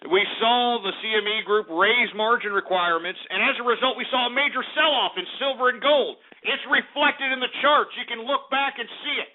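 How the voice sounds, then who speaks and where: A man's voice: very high voice, normal speed, hardly any pauses. A male talk radio host giving ranting market commentary, cursing often and blowing up in anger. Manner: profane, angry outbursts, swearing often. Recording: tinny phone-like radio audio.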